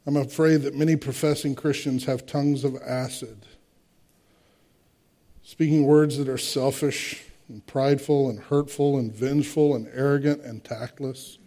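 A man's voice: medium pitch, steady tone, measured pace, dark tone. A man in his sixties preaching a sermon, emphatic, with rhetorical questions and direct asides to the congregation. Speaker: pastor.

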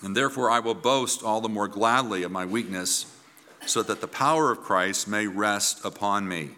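A man preaching a sermon in an earnest, emphatic way, with pauses and restarts as he presses his points. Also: fairly low pitch, bright, forceful tone, big-room sound, a little hiss or hum. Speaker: pastor.

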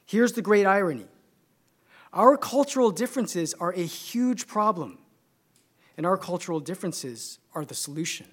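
A man with a Californian accent preaching a sermon, measured and emphatic, building his points through repeated phrases. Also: high-pitched, lively intonation, a bit bright.

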